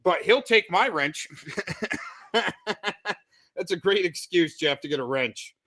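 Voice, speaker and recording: A man's voice: high-pitched, animated, slow pace, pushed and bright. A man making sarcastic, mocking remarks in casual stream commentary.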